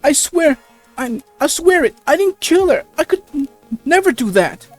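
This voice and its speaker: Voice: very animated, moderate pace, faint music behind. A reader voicing a desperate male death-row convict, pleading his innocence in a visual novel game. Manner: high, loud, desperate pleading. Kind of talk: reading game dialogue aloud.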